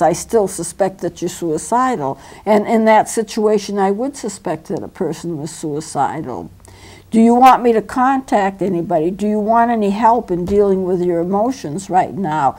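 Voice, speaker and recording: A woman counselor talks through advice on her own show in a mellow, warm tone. She explains patiently and slips into brief acted exchanges to make her points. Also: medium pitch. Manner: calm, explanatory, acts out example dialogue. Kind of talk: talk show advice monologue.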